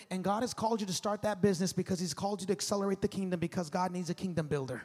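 A man in his thirties preaching a sermon as pastor, animated and conversational, calling on the congregation to respond. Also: high voice, rapid-fire, few pauses. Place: large church hall. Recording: long hall reverb.

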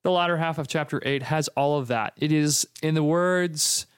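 A man's voice: fairly high pitch, normal speed, clear, resonant tone, dry recording, studio quality. Playful, reflective man co-hosting a podcast. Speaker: podcast co-host. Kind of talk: casual conversational podcast.

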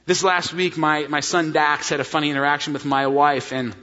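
A man's voice: on the high side, steady tone, fairly quick, pushed and bright. Earnest preaching pastor, man, long hall echo. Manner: earnest, storytelling preacher addressing congregation as friends. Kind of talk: sermon. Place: church sanctuary. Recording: dull sound in a reverberant church hall.

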